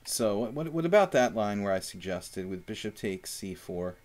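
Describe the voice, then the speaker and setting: A man's voice: on the low side, big pitch swings, moderate pace, a little mellow. A young man chatting casually while analyzing chess moves on a live stream, thinking aloud with fillers.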